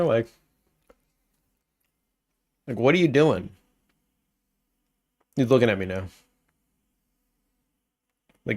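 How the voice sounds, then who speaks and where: A man's voice: mid-range voice, lively intonation, normal speed, long pauses. A man streaming a game, casually thinking aloud and rambling between tasks. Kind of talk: casual gameplay commentary.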